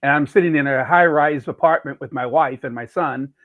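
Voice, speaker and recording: Middle-aged man from California, chef guest, rambling storyteller who acts out quotes; mid pitch, tinny phone-like sound, dry. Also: a little fast, no room sound. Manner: rambling anecdotes with quoted dialogue. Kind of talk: casual storytelling interview.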